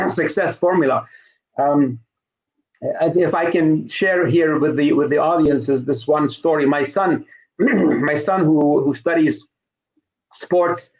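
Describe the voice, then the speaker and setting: A man's voice: on the high side, roomy sound, muffled recording. A middle-aged man, a sales trainer being interviewed live, telling stories with many restarts and fillers. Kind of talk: live online interview, conversational.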